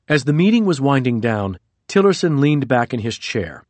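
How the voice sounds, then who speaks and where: A man reading a nonfiction audiobook in a measured, even narration. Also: mid-range voice, dry recording. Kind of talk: scripted narration.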